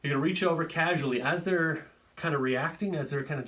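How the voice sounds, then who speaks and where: A man gives a casual tutorial on a magic trick, chatty and loose, using lots of filler and demonstrating with his hands as he explains. His voice sits a little high, a bit bright, and his pace is brisk.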